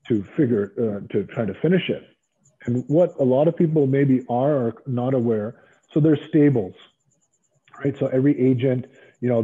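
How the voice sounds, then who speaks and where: A middle-aged man, a guest in a long interview, telling stories in an animated way and acting out the dialogue he quotes. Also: mid-range voice, husky. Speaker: interview guest, former pro wrestler. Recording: tinny phone-like line.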